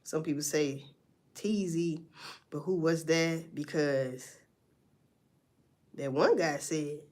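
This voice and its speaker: A woman's voice: low-pitched, takes it slowly, pauses often, a little mellow. A woman doing casual livestream commentary, blunt and profane as she talks through a story. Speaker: livestream host.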